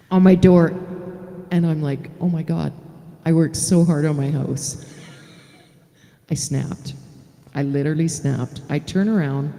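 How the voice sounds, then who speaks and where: A middle-aged singer-songwriter chats frankly and tells a story on a live stream, her voice low-pitched and dark. The room is reverberant, with faint guitar in the background.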